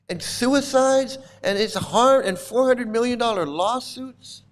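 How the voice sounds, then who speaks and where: A middle-aged man with a high-pitched voice, ranting in fury. He repeats himself, swears hard and sounds bitter and worked up. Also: unhurried, few pauses. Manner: furious, repetitive, swearing, bitter. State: angry, voice breaking at times. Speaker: channel host, cult critic. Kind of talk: angry monologue to camera.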